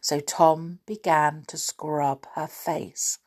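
Expressive woman reading a story slowly. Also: fairly low pitch. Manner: expressive, lively.

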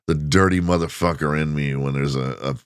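A male podcast host with a very low voice, rambling through a crude, joking monologue. The recording is dry and close. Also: steady tone, a little fast, smooth, no echo. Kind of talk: casual comedic monologue.

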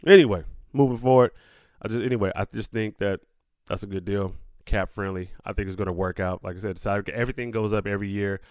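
A man's voice: on the low side, quick pace, a little mellow, dry recording. Profane, ranting man, dry sound. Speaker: sports commentary host. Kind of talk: casual sports rant.

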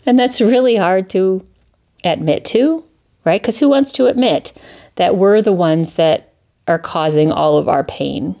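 A middle-aged woman talks straight into a podcast mic, candid and profane. When a rant takes hold her voice shoots up high and turns exasperated, then drops back to plain talk at an ordinary pitch. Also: unhurried, gravelly, dark tone. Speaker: podcast host. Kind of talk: solo podcast monologue.

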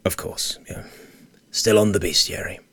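A man's voice: lowish voice, steady tone, moderate pace, pushed and bright, husky. An actor playing a weary male library colleague, dry, patient and skeptical. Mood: wry. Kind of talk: audio drama dialogue.

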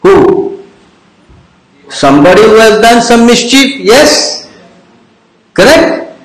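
A man with a high-pitched voice leads a devotional class in an echoey room. He keeps quizzing the listeners, teasing them and repeating his questions until someone answers. His delivery is informal and repetitive. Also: sing-song, takes it slowly. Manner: keeps quizzing the audience with "yes? understand?". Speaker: religious teacher.

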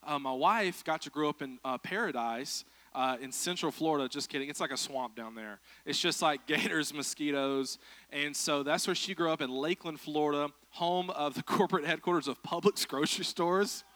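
Bright-voiced preacher, joking. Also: male voice, fairly high pitch, moderate pace. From South Georgia, USA. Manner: joking, chatty, self-deprecating. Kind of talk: humorous sermon. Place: church.

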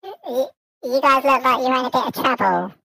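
A player voicing an overly polite British baby who hedges with many ums and dry understatement, through a pitched-up childlike voice. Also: normal speed, vocal fry, sharp tone, dry recording, heavily acted, poor audio. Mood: wry.

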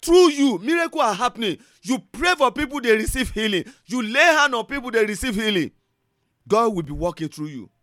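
Male preacher, high voice, dry close sound, fervent chanted prayers, shouts and hushes. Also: sing-song, brisk, no room sound. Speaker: pastor. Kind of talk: sermon with call-and-response prayer.

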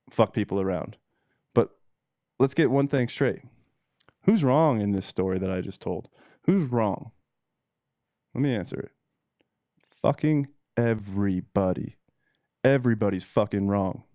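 A man's voice: fairly low pitch, dark tone, no echo, clean studio sound. A man who breeds cannabis seeds talks straight to camera in a casual, heated monologue, blunt and full of swearing. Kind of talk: casual ranting vlog monologue.

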